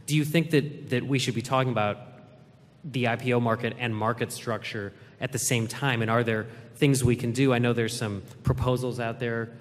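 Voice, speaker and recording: A man moderates a fireside chat, working his way through long questions with restarts. His mid-pitched voice has a long hall reverb around it. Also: fairly even intonation. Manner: halting, searching questions with restarts. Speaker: moderator, journalist. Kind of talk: interview questions on a stage. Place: event hall.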